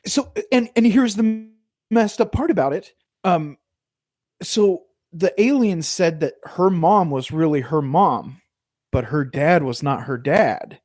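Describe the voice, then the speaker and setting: A podcast co-host recapping a documentary in casual chat, quick and profane, often correcting themselves. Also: medium pitch, animated, a little mellow, dry recording, clean studio sound. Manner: quick, swearing, self-correcting.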